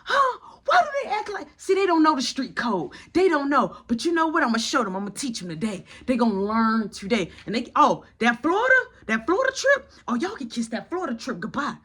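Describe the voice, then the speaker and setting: A man's voice: very high-pitched, expressive, brisk, few pauses, fairly bright tone, husky, exaggerated voice. A man voicing a fed-up, angry middle-aged mother who vents and threatens in an exasperated rant.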